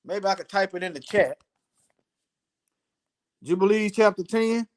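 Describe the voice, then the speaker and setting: A man leading a live scripture study, reading verses aloud slowly and breaking off for casual, plain-spoken commentary. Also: high-pitched. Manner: slow, deliberate reading broken by casual asides. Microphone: phone.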